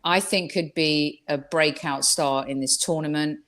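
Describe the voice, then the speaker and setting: A woman's voice: deep voice, steady tone, a little slow, a bit bright. A woman giving football predictions as a guest on a video call, thoughtful and hesitant with fillers. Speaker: guest pundit. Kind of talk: casual football chat.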